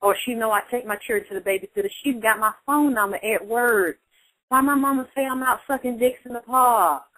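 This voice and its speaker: A woman's voice: fairly high pitch, brisk, sharp tone, poor audio. A woman voicing a grown daughter who pleads and stammers as she complains about her mother. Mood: hurt, pleading.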